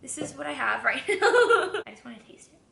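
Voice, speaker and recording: A woman's voice: sits high, very animated, a little fast, gravelly, pushed and bright, roomy sound. A young woman vlogging while she cooks in her home kitchen, chatting candidly, giggling often and swearing freely. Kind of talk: casual chat.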